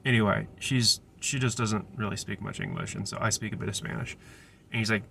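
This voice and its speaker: Low-voiced man rambling through a story. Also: fairly even intonation, fairly quick, creaky, bright, forceful tone, a little hiss or hum. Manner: rambling, digressive, frequent restarts. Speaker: restaurant server. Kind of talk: casual storytelling.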